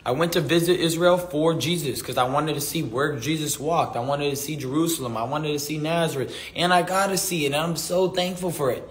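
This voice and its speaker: Earnest rambling young man, slightly high. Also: a little fast, few pauses, echoey room. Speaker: interviewee. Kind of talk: casual press talk.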